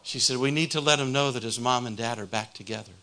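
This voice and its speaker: A man's voice: medium pitch, fast talker, pushed and bright. A man preaching a sermon, retelling a conversion story and building to a fervent appeal.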